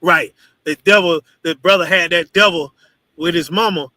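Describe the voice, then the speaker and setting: A man teaching a congregation in an animated, profane, storytelling preaching style. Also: on the high side, normal speed, no echo, rough recording. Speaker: religious teacher.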